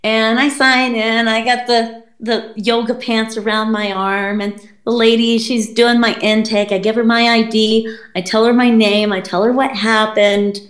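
A woman speaking a little higher than most, recounting a story to a podcast host with blunt, unfiltered bluntness and plenty of swearing. Her voice carries a roomy echo from the space around her. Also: a little slow, few pauses. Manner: blunt and profane, quoting people in lively put-on voices. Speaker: podcast guest. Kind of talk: casual storytelling.

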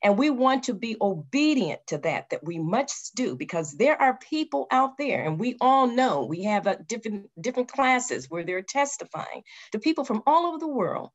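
A woman leads a Bible class, earnest and unhurried, circling back to correct herself and pressing each point home with a quick "see.". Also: fairly high pitch, big pitch swings, lo-fi sound. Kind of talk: Bible study teaching.

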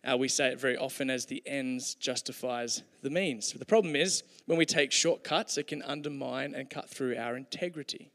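A man delivers a sermon in a relaxed, conversational way, dropping in jokes for his listeners. His voice has a gravelly edge. It rings with the long reverb of a church hall. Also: mid-range voice, normal speed, few pauses. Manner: conversational, joking asides. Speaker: preacher.

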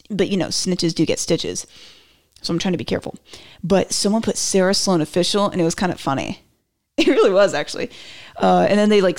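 A woman's voice: on the low side, a little mellow. A woman hosting her own podcast, chatting through political commentary in a rambling, self-mocking way with joking asides. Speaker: podcast host.

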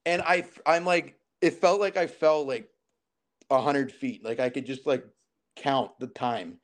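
A man's voice: medium pitch, unhurried. A man in his thirties from southern Alberta, a podcast guest telling a story casually and acting out the dialogue. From southern Alberta, Canada. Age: 30s. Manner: animated, acts out quoted dialogue.

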